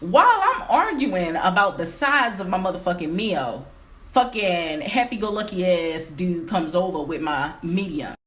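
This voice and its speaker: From her home game room, a young adult woman tells a story in a casual vlog, ranting with animation, emphasis, and lots of swearing. Her voice is lowish and a little slow.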